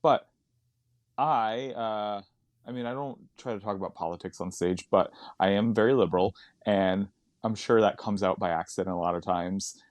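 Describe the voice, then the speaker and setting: A man's voice: lowish voice, moderate pace, dry recording. A man, a stand-up comedian chatting as a podcast guest, rambling into tangents and laughing often. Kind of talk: casual podcast chat.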